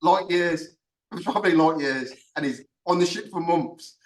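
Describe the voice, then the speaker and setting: A man ranting in a casual podcast chat, swearing often and getting animated. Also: on the high side, unhurried, crowd noise. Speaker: podcast host. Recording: echoey room, far from mic.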